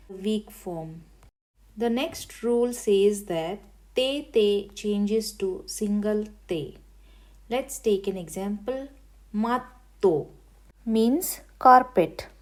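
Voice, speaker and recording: Slow, careful woman teaching grammar. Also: mid-range voice, mellow. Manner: careful, syllable-by-syllable explaining. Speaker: language teacher. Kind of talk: slow, deliberate grammar lesson.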